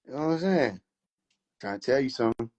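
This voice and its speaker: A man's voice: mid-range voice, lively intonation, fast, darkish tone. A man hosting a live stream, boisterous and mocking in a casual rant, laughing often. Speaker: livestream host.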